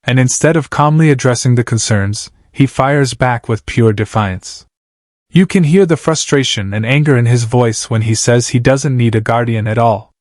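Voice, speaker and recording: Man, narrator, dramatic, building suspense, mid pitch, dry sound. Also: moderate pace, darkish tone, no echo. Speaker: host and narrator. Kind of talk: scripted narration.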